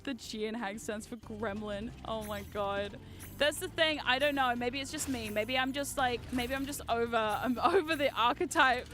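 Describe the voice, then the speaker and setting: A woman streaming a game, chatting excitedly with her viewers, swearing freely and shouting at the game. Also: fairly high pitch, moderate pace, faint music behind. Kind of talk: live-stream gameplay chat.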